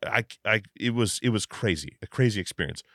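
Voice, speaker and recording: Low-voiced reflective podcast host. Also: male voice, fairly quick, a bit bright, no echo, clean studio sound. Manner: reflective, rambling, many restarts. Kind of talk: casual interview. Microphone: video call.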